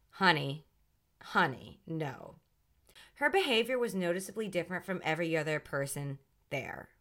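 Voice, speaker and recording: Woman, podcast host, lively bright voice, outspoken, sassy. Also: medium pitch. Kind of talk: solo podcast commentary.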